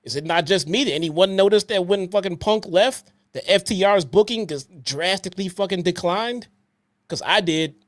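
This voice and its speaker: A man's voice: high voice, moderate pace, no room sound. A man co-hosting a wrestling podcast, ranting bluntly and swearing as he lectures his critics. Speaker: podcast co-host. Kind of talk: heated podcast rant.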